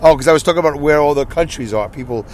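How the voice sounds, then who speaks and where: A man's voice: on the high side, very fast, low-quality recording. A man hosting his podcast from inside his car, reading listener comments in a rambling, self-mocking way. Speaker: podcast host. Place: inside a car while driving.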